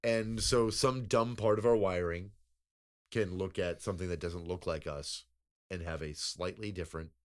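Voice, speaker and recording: A man's voice: low voice, fairly even intonation, moderate pace. A man co-hosting a podcast in casual chat, rambling and profane, laughing often. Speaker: podcast co-host.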